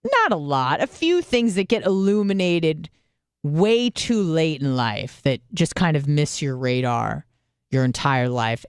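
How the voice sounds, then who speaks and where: Young woman radio host, casual monologue, frank and foul-mouthed, smooth clear voice, dry close sound. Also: low-pitched, no room sound. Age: 20s. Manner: candid, profane, self-deprecating storytelling.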